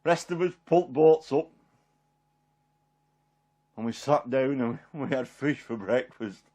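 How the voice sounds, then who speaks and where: A man's voice: medium pitch, measured pace, warm tone, lightly acted. A man playing Peter, a chatty fisherman. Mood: homely. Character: apostle Peter, middle-aged fisherman, homely and warm-hearted. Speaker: performer in a one-man Bible drama. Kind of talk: dramatic character monologue.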